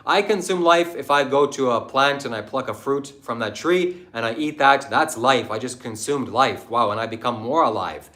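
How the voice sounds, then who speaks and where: A man's voice: mid-range voice, lively intonation, normal speed, hardly any pauses, sharp tone. A man talking on his livestream, preachy and combative as he lectures viewers and reads out their comments. He mocks the people who disagree with him. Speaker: livestream host. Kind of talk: livestream talk answering chat.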